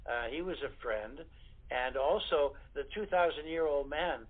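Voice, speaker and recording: A man's voice: on the high side, moderate pace, a little hiss or hum. An older man, a guest actor, telling rambling anecdotes in a casual interview, with many fillers. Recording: tinny phone line.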